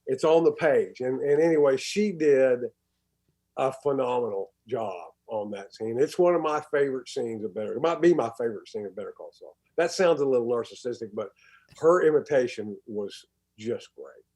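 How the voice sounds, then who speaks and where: A man's voice: mid-range voice, animated, moderate pace, a little mellow. A middle-aged man from Texas, an actor guest telling stories in a casual interview, often stumbling and restarting and trailing off into a murmur.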